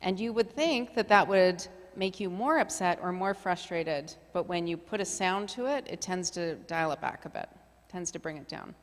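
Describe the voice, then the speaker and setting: A middle-aged woman with a fairly low voice runs a community leadership workshop, talking loosely and conversationally with plenty of fillers. Her voice rings out with the long reverb of a meeting hall. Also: normal speed, few pauses. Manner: chatty, filler-heavy, conversational. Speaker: workshop facilitator. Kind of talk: casual workshop presentation.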